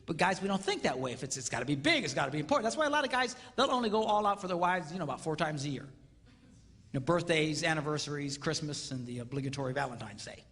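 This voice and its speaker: A man giving a comedic marriage seminar on stage in a large hall, playful and animated, acting out little quotes and sound effects. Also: a little high, fast talker. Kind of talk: comedic live seminar talk. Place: large hall with live audience.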